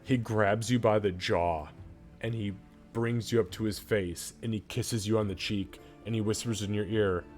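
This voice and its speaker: Man, game master, vivid profane narration, low voice, faint music under. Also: fairly even intonation, normal speed, darkish tone.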